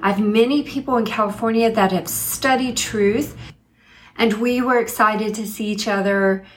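Woman, middle-aged, mid pitch, earnest, personal storytelling, spiritual teaching. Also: fairly even intonation, slight background noise. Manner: earnest, slows down to stress key points.

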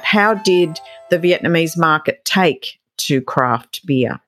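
A woman's voice: deep voice, expressive, slow, fairly bright tone, soft background music. A woman interviewer asking long, rambling conversational questions.

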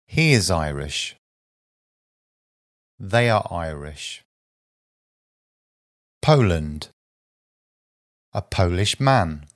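A man reading a vocabulary list aloud as a teacher, slow and deliberate, pausing after each short phrase. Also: sits low, very animated.

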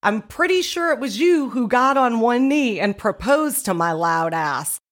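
A woman telling a story in a casual monologue, loud and animated, often laughing as she talks. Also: on the high side, a little slow.

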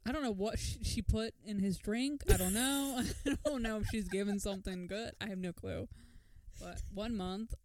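A woman co-hosts a casual podcast, tossing in dry, wry asides and quick agreement. Her voice is middle-pitched. The recording is close and dry. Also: a little mellow, no room sound. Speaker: podcast co-host. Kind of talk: casual chat recapping a TV show.

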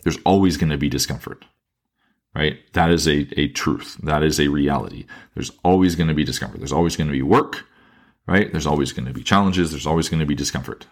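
In a solo podcast monologue, a very low-voiced podcast host and fitness coach in his thirties reflects earnestly. He circles back over his wording, starts sentences again, and slows to emphasize key points.

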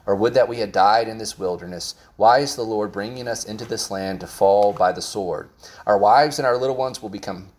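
A man with a fairly low voice delivers a sermon. He reads scripture passages aloud and then explains them in plain, everyday language, often stumbling and restarting his phrases. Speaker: preacher.

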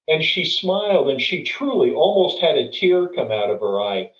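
A man's voice: on the high side, animated, normal speed, few pauses. A middle-aged man tells a story and gives advice in an earnest, conversational way, often restarting and repeating words. He sits well back from the microphone, so his voice sounds distant, with a roomy echo. The recording is dull and lo-fi. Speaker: guest speaker.

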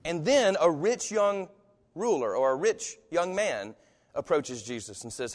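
A man's voice: on the high side, sing-song, measured pace. A man preaching a sermon in a casual, conversational way, acting out the voices of the people he quotes. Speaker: pastor. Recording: long hall reverb.

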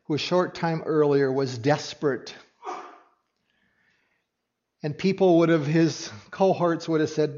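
A man preaching a sermon, earnest and expressive, swinging from hushed, quiet passages to emphatic ones. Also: on the high side, highs cut off. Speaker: pastor.

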